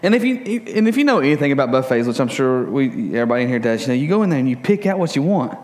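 A young adult man preaching a sermon in a relaxed, joking way, full of stories and fillers. His voice sits at an ordinary middle pitch. He often jumps higher and louder when excited and drops low to make a serious point. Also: very fast. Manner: casual, joking, animated storytelling with many fillers. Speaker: pastor.

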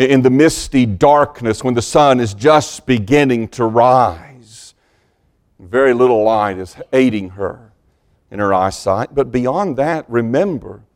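A man preaching a sermon as pastor, slow and deliberate, dropping to a hushed voice when quoting scripture. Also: medium pitch.

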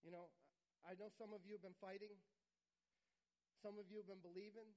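Guy preaching a sermon, pretty high voice, earnest, repeats himself a lot. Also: little pitch movement, brisk, rough recording. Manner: earnest, repeats phrases for emphasis, drops to quiet intimate tones. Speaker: pastor.

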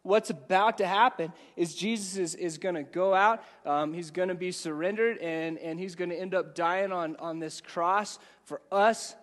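A man's voice: high voice, moderate pace, few pauses. A man preaching an evening sermon, conversational and prone to repeating words as he speaks to the congregation. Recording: reverberant hall.

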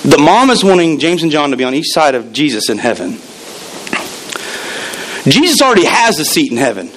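A man's voice: a little high, big pitch swings, brisk, fairly bright tone, slight background noise, rough recording. A man preaching a sermon as pastor, emphatic and repeating key words, acting out the voices he quotes.

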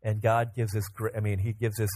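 A pastor preaching a sermon, retelling a story in a lively way with restarts and fillers. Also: male voice, lowish voice, fairly quick.

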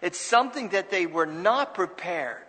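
A man's voice: high-pitched, lively intonation, measured pace, pushed and bright, big-room sound, low-quality recording. A man preaching a sermon as pastor, earnest and conversational, with restarts and asides to the congregation.

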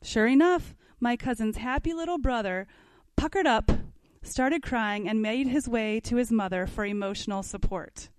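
A woman with a slightly high voice at normal speed teaches a parenting class, reading book passages aloud and adding casual comments. She's conversational and asks the class questions, and there's no echo.

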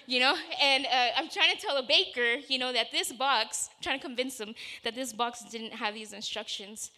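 A woman's voice: a little high, moderate pace, pushed and bright. A woman preacher giving a sermon, telling a personal story in an earnest, conversational way before moving into scripture.

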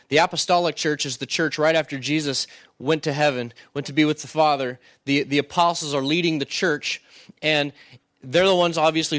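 A man's voice: fairly high pitch, fairly bright tone, no echo. A man preaching a sermon in a conversational way, often asking "right?" and restarting words. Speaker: pastor.

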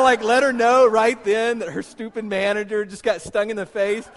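A man's voice: high-pitched, steady tone, brisk, few pauses, fairly bright tone. A man preaching a sermon, telling a personal story animatedly and acting out his own reactions. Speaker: pastor. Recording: long reverb of a hall.

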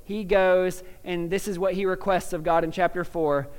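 A man preaching a sermon in a casual, animated way, stumbling into quick restarts and laughing at his own jokes. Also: high-pitched, clear, resonant tone. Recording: long reverb of a large hall.

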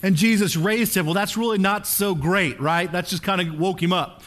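Animated pastor preaching, high man's voice. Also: moderate pace. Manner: conversational, animated, asks "right?" often. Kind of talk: sermon.

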